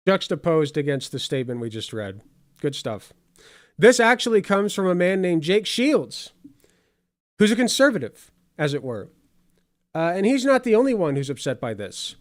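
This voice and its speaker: A man's voice: high voice, very animated, normal speed, no room sound, clean studio sound. A man hosting casual political commentary over clips, sarcastic and rambling with many fillers.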